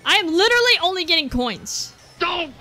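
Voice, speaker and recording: Excitable high-voiced woman streamer. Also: a little fast, loud music behind the voice. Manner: excitable, loud outbursts, chatty with viewers. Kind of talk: casual gaming stream chatter.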